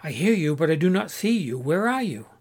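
A man's voice: on the high side, big pitch swings, a little fast, darkish tone. A man voicing a weary, devout young pilgrim in a storybook, speaking earnestly and plainly. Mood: searching.

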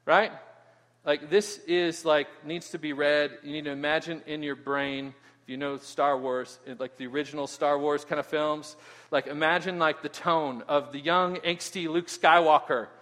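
Guy preaching, kinda high voice, keeps saying "right?", lots of stumbles, big echoey hall. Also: moderate pace. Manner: animated, keeps asking "right?", stumbles and repeats words. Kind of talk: expository sermon. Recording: long hall reverb.

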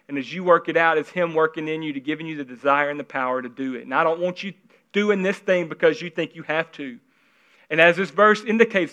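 A man preaches with an earnest, conversational delivery and a bright, forceful edge to his voice. His tone is smooth and resonant, and at times he drops into a hushed, intimate hush. The recording sounds a little dull and lo-fi. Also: a little high. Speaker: pastor. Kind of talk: sermon.

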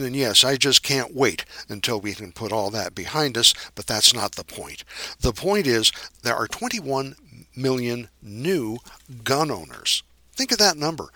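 A man's voice: medium pitch, bright, forceful tone, no echo. A man hosting a solo podcast, speaking in an earnest, urging way and repeating his key phrases for emphasis. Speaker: podcast host.

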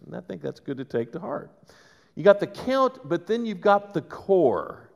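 A man preaching a sermon, conversational and animated, with quick asides to the congregation. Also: high voice, creaky, lo-fi sound. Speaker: pastor. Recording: reverberant church hall.

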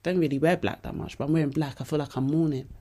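She talks fast in a low, mellow voice with fairly even intonation. Hosting her podcast, the woman offers blunt, casual advice, cursing freely and referring to listeners as "babes."

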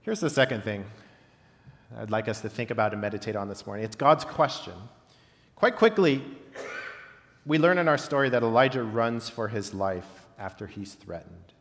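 A man preaching a reflective sermon, pausing often and letting his phrase endings fall soft. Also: lowish voice, big pitch swings. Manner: reflective, with long pauses and softly dropped phrase ends. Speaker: pastor. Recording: long reverb of a large hall.

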